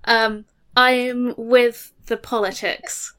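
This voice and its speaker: A woman's voice: on the high side, little pitch movement, very slow, fairly bright tone, clear, resonant tone. A woman, playing a tabletop game in a playful, chatty way. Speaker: player.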